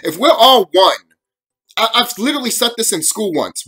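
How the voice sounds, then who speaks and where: Young male vlogger, profane and heated, with a slightly high, piercing voice. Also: lively intonation, brisk, pushed and bright, breathy edge. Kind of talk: ranting monologue to camera.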